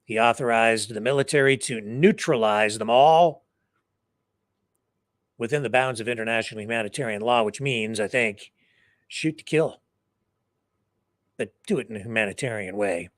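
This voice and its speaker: A man's voice: mid-range voice, normal speed, long pauses, no echo. A man hosting a news show with chatty, opinionated commentary and sarcastic asides. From Canada. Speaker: news host.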